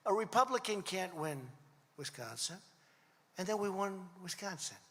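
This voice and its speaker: With a high, husky, fairly bright voice and lively intonation at normal speed, a man in his seventies gives a rambling, repetitive rally speech, telling stories conversationally. Long reverb from the large hall colors the recording.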